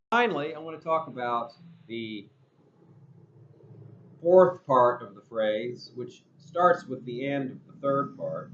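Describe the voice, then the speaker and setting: A man teaching English pronunciation, spelling words out letter by letter and repeating sounds slowly for learners to copy. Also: mid-range voice, expressive. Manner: slow, deliberate modeling of sounds, spelling words out and repeating drill phrases. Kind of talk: pronunciation lesson. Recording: roomy, slightly dull recording.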